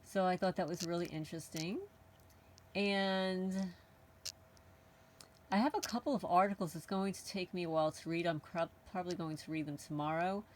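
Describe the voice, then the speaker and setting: A woman's voice: lowish voice, moderate pace. A woman hosting her own channel, talking casually to camera in a blunt, outspoken way and often circling back to repeat her points. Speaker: channel host.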